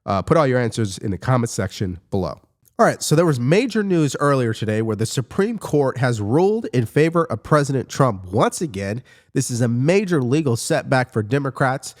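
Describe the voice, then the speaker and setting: A man speaking to his viewers as a political commentary host. He talks with animated emphasis, and his pitch climbs as he presses each point. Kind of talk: opinionated commentary to camera.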